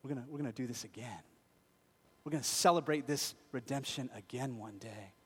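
A male pastor preaching a sermon in a conversational tone, dropping quiet and then rising to emphatic peaks. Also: mid-range voice, a little fast, breathy edge, in a large hall.

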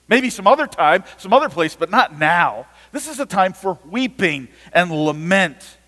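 A man's voice: high voice, long reverb tail. A man preaching an earnest sermon as a pastor, often repeating and restarting his words.

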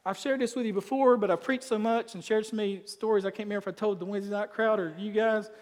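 A man preaching a sermon as pastor, emphatic, swinging between loud declarations and quiet asides. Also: sits high, steady tone, fast, long reverb tail.

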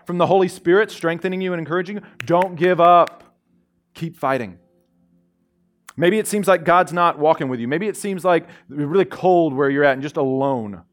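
Man, pastor, sermon, conversational and animated preaching, mid-pitched voice. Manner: conversational, animated preaching with reading and a closing prayer. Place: church.

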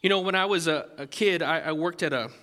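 A man preaching a sermon as pastor, animated and conversational, with many restarts. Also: on the high side, quick pace, in a large hall.

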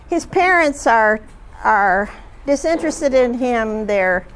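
A woman's voice: a little high, big pitch swings. Chatty woman leading a group discussion. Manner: chatty, halting, with frequent fillers. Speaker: discussion leader. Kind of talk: retelling stories to a group.

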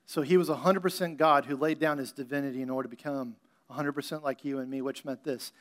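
A man's voice: mid-range voice, steady tone, fast talker. A male pastor preaching a sermon in a conversational style, acting out scenes. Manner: conversational preaching, acts out Bible scenes with playful voices.

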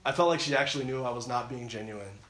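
A man's voice: mid-range voice, quick pace, fairly bright tone. A man giving an earnest personal testimony at a camp, retelling his story with many restarts and repeated phrases. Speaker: camp speaker. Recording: roomy echo.

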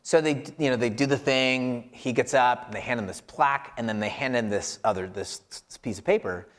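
A man's voice: mid-range voice, brisk. Man telling a story, full of "like"s. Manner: rambling and self-deprecating, many "like" fillers. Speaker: podcast co-host reflecting on scripture. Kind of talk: personal storytelling in casual chat.

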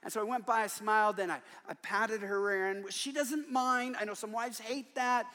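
This older preacher, an author who speaks at conferences, delivers a humorous, emphatic sermon full of stories in a big church. He speaks at normal speed in a high, bright, forceful voice with fairly even intonation, and the large hall is audible.

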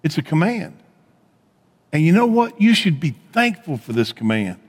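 A man preaching a sermon as pastor, telling stories in a conversational way and dropping to a hush on key points. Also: a little high, normal speed, big-room sound. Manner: conversational storytelling preacher, swings from animated to hushed.

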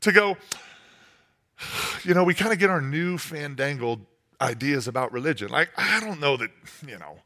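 A man's voice: fairly high pitch, unhurried, long pauses. A man preaching a sermon as a pastor, conversational and storytelling, with playful asides. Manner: lively storytelling with playful character voices; conversational, uses fillers like "like" and "you know".

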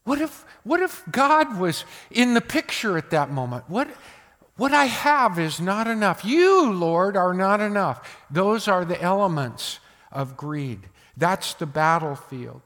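Older male preacher, high lively voice, slow deliberate delivery, loud bursts and hushed asides, long hall reverb. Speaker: pastor. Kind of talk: sermon.

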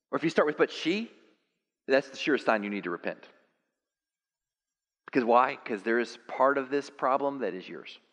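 A man preaching a sermon, animated and building to high, excited peaks. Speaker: pastor. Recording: long hall reverb.

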